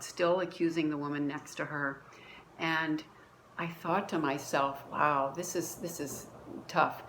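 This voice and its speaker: Woman, deep-toned speaker, personal faith story, earnest, stumbling restarts, at home. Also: fairly bright tone, slight background noise, rough recording. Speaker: church member sharing a testimony. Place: at home, dining room.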